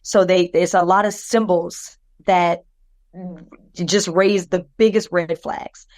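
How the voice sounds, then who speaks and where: In a dry recording, a podcast co-host speaks slowly with a fairly low voice while rambling through a personal story. Fillers and restarts pepper her speech, and she expressively imitates the voices of the people she describes.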